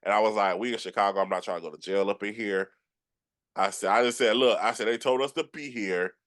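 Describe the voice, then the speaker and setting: Brief: Southern man, Georgia accent, low voice, lively storyteller host. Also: quick pace. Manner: animated storyteller with frequent restarts, acts out quotes. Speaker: podcast host. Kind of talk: casual storytelling chat.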